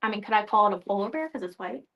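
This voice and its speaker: In a medium-pitched voice with lively intonation, a young woman rattles along rapid-fire while presenting new quilting products on a casual live show, and the highs in the audio are cut off. Chatty and giggly, she keeps fumbling words and laughing at her own mistakes.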